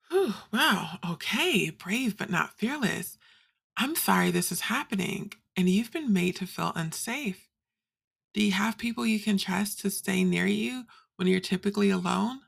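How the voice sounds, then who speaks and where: An actress playing a quirky teenage girl who reads the morning school announcements in an audio drama, with a breezy, deadpan delivery. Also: medium pitch, gravelly, full character voice.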